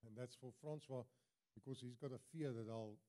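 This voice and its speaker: An older South African man, an Afrikaans speaker with a South African English accent, delivers a sermon as a guest preacher in a church. He speaks earnestly and emphatically, repeating words often, in a warm, mid-range voice at a slightly fast pace.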